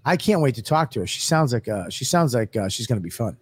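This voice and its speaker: A man's voice: mid-range voice, very animated, fast, husky. A man co-hosting a podcast, trading brash, profane jokes in casual banter. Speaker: podcast co-host. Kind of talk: crude comedic banter.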